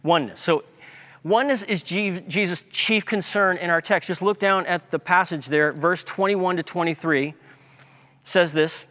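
Pastor preaching in a reverberant hall. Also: male voice, high voice, normal speed, sharp tone. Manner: emphatic, repeats key words. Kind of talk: sermon.

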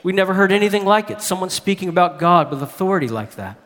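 A man's voice: high-pitched, lively intonation, fast, a bit bright. A man voicing a young boy who tells his uncle a story in a plain, chatty letter. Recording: long hall reverb.

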